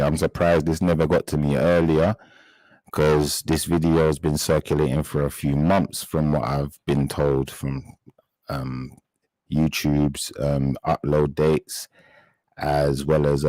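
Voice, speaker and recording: Very deep-voiced man hosting a live chat. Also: little pitch movement, dark tone, no echo, rough recording. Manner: indignant, halting, addressing viewers directly. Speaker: live stream host.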